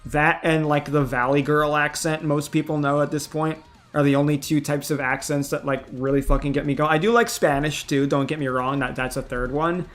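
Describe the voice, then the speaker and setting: A man's voice: on the high side, steady tone, brisk, soft background music. A man hosting a casual livestream chat, frank and profane, often stammering and restarting his sentences. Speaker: streamer host.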